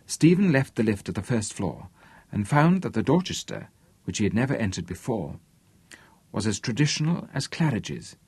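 A man narrating an audiobook in a lively, expressive reading. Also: mid-range voice, slightly rough, dry recording. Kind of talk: scripted narration.

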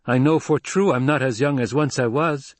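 A man voicing a proud, anxious young desert widow in a storybook reading, pitched above his own voice. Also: normal speed, dry recording, natural voice. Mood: wary.

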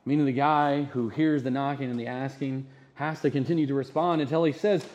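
A man's voice: medium pitch, fairly even intonation, fairly quick, few pauses, darkish tone, muffled recording. A man preaching a sermon as pastor, conversational, often asking the congregation rhetorical questions.

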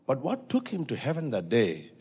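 A man preaching a sermon in a church, swinging from hushed, intimate passages to loud, high-pitched exhortation. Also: wildly swooping pitch, normal speed, slightly rough. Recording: reverberant church hall.

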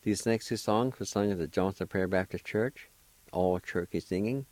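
A man hosting a radio language lesson, spelling out each word and repeating it slowly and deliberately, with gentle encouragement for beginners. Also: deep voice, no echo, rough recording. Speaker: radio host teaching a language.

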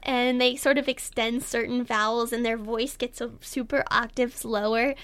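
A young woman with a notably high, girlish voice speaks as a radio guest. She is chatty and self-deprecating, often breaking into laughs, and the studio sound is close and dry. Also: fairly even intonation, moderate pace, fairly bright tone, clean tone, no echo. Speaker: guest, student radio presenter. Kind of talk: casual radio interview.

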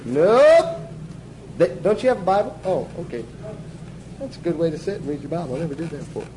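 A man's voice: on the high side, lively intonation, fast talker, warm tone, a little hiss or hum, poor audio. A man teaching a Bible class in sermon style, emphatic, asking the class questions and answering them himself.

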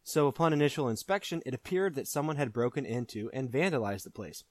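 A man's voice: medium pitch, quick pace, darkish tone, dry recording, studio quality. A man hosting a casual quiz, reading strange news articles aloud in a wry, mock-formal way. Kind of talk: casual podcast banter.

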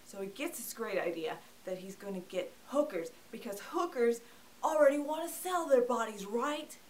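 A woman's voice: fairly high pitch, a little hiss or hum. A woman giving a chatty, joking movie review and acting out the characters. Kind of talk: casual comedic movie review.

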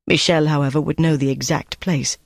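A steady audiobook narrator delivering scripted narration of a wartime thriller. The delivery is measured and even. The recording is dry and close, with no room echo. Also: medium pitch, vocal fry.

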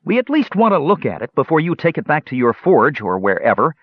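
Give me a man voicing an anxious young mage, earnest and husky. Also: a little high, very animated, brisk, dry recording, pitched above the performer's own voice. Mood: nervous. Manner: nervous, earnest. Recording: dull lo-fi recording.

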